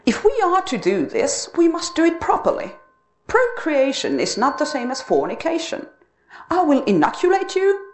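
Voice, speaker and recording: A woman's voice: high voice, huge pitch swings, moderate pace, darkish tone, echoey room, slight background noise, pitched above the performer's own voice. A woman reading the lines of a formal, earnest, pious husband from an old-fashioned time, pleading and stiff. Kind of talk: storybook reading.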